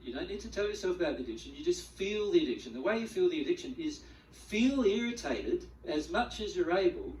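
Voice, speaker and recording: A man giving a spiritual teaching talk to a group, animated, acting out the feelings he describes and often repeating words as he goes. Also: high-pitched, brisk, hardly any pauses, slight background noise. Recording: echoey room, mic at a distance.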